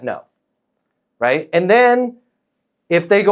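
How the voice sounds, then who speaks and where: Male sales coach with a fairly high voice, emphatic, animated delivery that acts out little scenes. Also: takes it slowly, pauses often.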